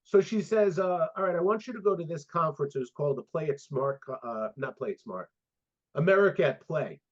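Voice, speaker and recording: Speaking a little fast in a fairly high voice, this sport psychologist in his fifties is an animated storyteller during a casual interview, performing the dialogue in his tales. The audio is dull and lo-fi.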